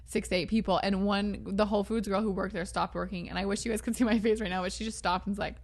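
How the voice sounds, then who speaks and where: A woman guest in a casual conversation, chiming in with lively comments and frequent laughter. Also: medium pitch, fast. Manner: lively, chimes in, laughs often. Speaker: guest, relationship coach.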